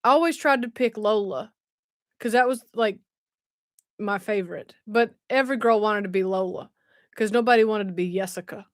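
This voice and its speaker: A woman's voice: medium pitch, moderate pace, dry recording, studio quality. A woman, chatting casually on a livestream and reacting to viewer comments while unboxing. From West Tennessee, US. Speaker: livestream host. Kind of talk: casual live-stream chat.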